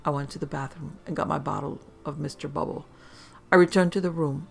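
A storyteller reading a dark comic tale in a deadpan, profane way. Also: mid-range voice, fairly quick, gravelly, soft background music.

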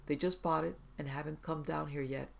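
A cheerful, playful young man who teases his girlfriend and seems to grin as he talks, read out by a narrator. His voice is a little gravelly, pitched in the middle range, and his lines belong to a spoken storybook. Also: fairly even intonation, a little fast. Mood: teasing. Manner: teasing, lightly grinning.

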